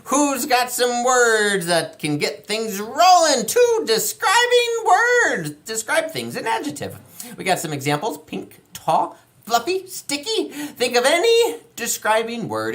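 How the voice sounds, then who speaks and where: Brief: woman kids'-show host, playful and encouraging, lively sing-song pitch, unhurried pace. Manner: playful and encouraging, talks to viewers as friends; chatty, thinks aloud with fillers and laughs. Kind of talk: children's educational show hosting.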